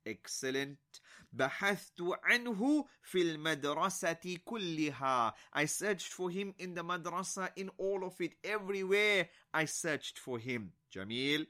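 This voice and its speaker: A man teaching an Arabic grammar lesson, repeating each example slowly and then translating it, with short words of praise in between. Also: fairly high pitch, lively intonation, pushed and bright.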